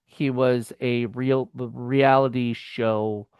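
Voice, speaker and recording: A man's voice: medium pitch, little pitch movement, drawn-out words, smooth, no room sound, muffled recording. Dry-sounding rambling male reviewer. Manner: rambling, lots of fillers and restarts. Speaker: film review co-host. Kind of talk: casual chat.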